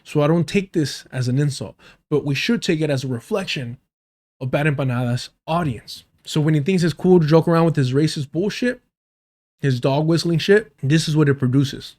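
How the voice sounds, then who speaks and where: Fired-up streamer dude ranting about a debate, swears a lot, sarcastic, voice sits a bit high. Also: male voice, moderate pace, darkish tone. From United States. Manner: heated, profane, sarcastic ranting. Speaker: political commentary streamer. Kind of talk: livestream debate commentary.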